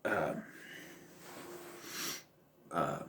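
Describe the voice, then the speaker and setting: A man's voice: very slow, sharp tone. A man giving a casual, rambling film commentary, full of fillers and restarts. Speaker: film reviewer.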